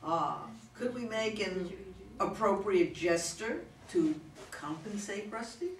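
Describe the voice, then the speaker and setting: An actress reading the part of an excitable newlywed bride in a slow, animated manner. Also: female voice, medium pitch, slight background noise. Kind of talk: reader's theater stage reading. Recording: echoey hall from far off.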